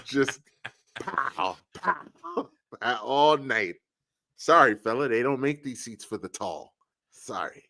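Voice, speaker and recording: New dude cohosting, bright voice, teasing and laughing, dry mic. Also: male voice, medium pitch, sing-song, slow pace, creaky, pauses often, no room sound. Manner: teasing, laughing, backing up stories. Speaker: podcast co-host. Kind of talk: casual chat.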